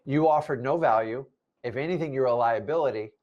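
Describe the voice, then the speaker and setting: A man in his fifties coaching would-be real estate investors in a blunt, preachy talk straight to camera. He has a mid-range voice and often slips into quick mocking impressions of the people he criticizes. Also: medium pitch, darkish tone, muffled recording. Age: 50s. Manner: blunt, preachy, mocks complainers in put-on voices. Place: lives in Florida.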